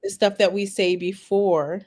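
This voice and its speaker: A woman co-hosting a podcast and working in ministry, telling stories in a wordy, deliberate way. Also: mid-range voice, steady tone, a little mellow, slight background noise. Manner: wordy storyteller, deliberate phrasing. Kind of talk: casual chat.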